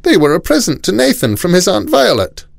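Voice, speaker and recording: Man voicing a suspicious neighbour mother, high pitch, storybook, dry sound. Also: huge pitch swings, fairly quick, creaky, no room sound, full character voice.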